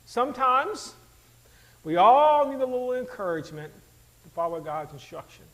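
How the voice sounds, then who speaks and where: A man preaching a sermon in an animated, conversational way, throwing rhetorical questions to the congregation. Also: very high-pitched, moderate pace, low-quality recording. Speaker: pastor.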